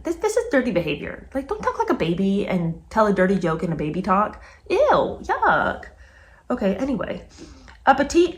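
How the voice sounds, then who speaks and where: A woman reading passages from a book aloud and breaking off into animated, disgusted comments of her own. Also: medium pitch. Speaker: book reviewer.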